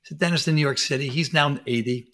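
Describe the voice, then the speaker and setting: A middle-aged man telling stories as a guest on an interview, animated and acting out quoted lines. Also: fairly high pitch, quick pace. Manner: animated storyteller, acts out quotes. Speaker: podcast guest, dentist. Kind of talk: conversational interview.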